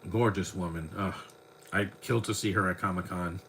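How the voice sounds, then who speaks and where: A man's voice: sits low, fairly even intonation, normal speed, a bit bright, slight background noise, poor audio. A man around forty, a podcast host, chatting in a rambling way as he watches a movie and comments on it. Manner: rambling, chatty fan talk.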